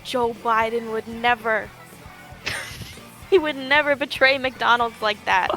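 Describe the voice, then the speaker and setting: A woman's voice: on the high side, takes it slowly, bright, forceful tone, soft background music. A young woman commentating a live esports tournament, joking in playful mock outrage and wandering off on tangents.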